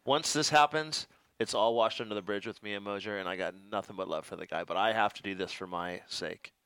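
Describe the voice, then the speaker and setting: A man talks quickly in a bright, forceful voice, telling animated stories on a casual podcast and acting out what other people said. The sound is dry and close, with no room in it. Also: fairly low pitch, clean tone, no room sound. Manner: animated storytelling, acts out quotes. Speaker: podcast co-host. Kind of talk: casual chat about motocross racing.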